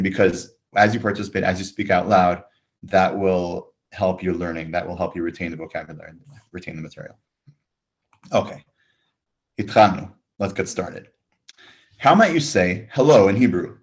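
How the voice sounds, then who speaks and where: A man teaching a beginners' Hebrew webinar, slowly modelling words for students to listen and repeat. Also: sits low. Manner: slow, drilled listen-and-repeat prompts. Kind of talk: online language lesson. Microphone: webinar microphone.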